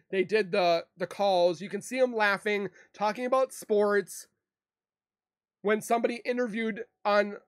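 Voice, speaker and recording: Upset and emotional, a man who makes true crime YouTube videos defends himself to camera, rambling and going over the same points. His voice sits high with a fairly bright tone, captured dry with clean studio sound.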